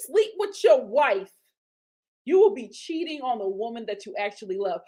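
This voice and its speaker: A woman hosting a casual reality TV review. She talks in an animated, emphatic way and repeats her lines for effect. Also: a little high, normal speed. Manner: retells scenes in quoted voices. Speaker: host of a TV recap channel.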